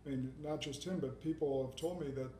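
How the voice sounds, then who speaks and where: Male podcast host, mid-pitched, casual and hesitant, echoey room, faint rumble. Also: steady tone, brisk, mellow. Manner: casual, hesitant, many fillers. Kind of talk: casual interview talk.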